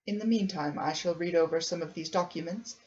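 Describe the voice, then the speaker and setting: Woman reading a grave gentle male doctor, earnest and measured, a bit low and muffled. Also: close to an everyday voice. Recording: dull lo-fi recording.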